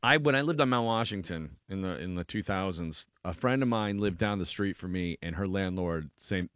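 A man, co-hosting a morning radio show and telling a story in casual chat, acting out quotes loudly. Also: low voice, moderate pace, no room sound. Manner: animated, acts out quotes loudly.

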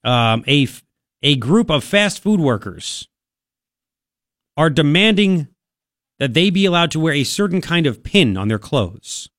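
Man, radio talk host, mocking, animated, slightly high voice, dry studio mic. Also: a little slow, long pauses, dry recording. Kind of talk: opinionated talk radio monologue. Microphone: studio microphone.

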